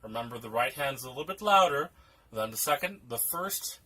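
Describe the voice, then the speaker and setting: A man's voice: medium pitch, lively intonation, a little fast. A man teaching a piano lesson, patiently counting rhythms aloud for students to follow. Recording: loud music under the voice. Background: piano playing.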